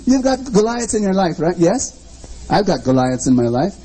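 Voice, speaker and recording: A man's voice: extremely high pitch, very animated, moderate pace, warm tone, rough recording. A man preaching a sermon, emphatic and repetitive, with lots of rhetorical questions and dramatic storytelling.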